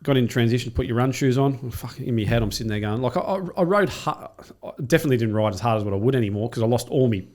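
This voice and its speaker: A man, a triathlete and coach, telling a race story in casual chat with lots of swearing and acted-out quotes. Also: mid-range voice. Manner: rapid, profane, animated retelling with acted-out quotes. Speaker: podcast guest, triathlete and coach.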